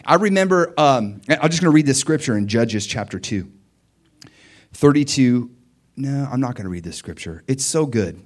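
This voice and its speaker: A male preacher in full storytelling mode. He drops to soft self-talk and then lifts into loud, pleading cries, with a mid-range voice at its base. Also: medium pitch, lively intonation, normal speed. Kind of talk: sermon.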